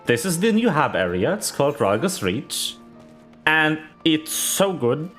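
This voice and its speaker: A game streamer talking casually over gameplay, unhurried and rambling, with fillers and little laughs. The pitch swings a lot. Faint game music plays underneath. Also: very animated, a bit bright. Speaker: VTuber streamer.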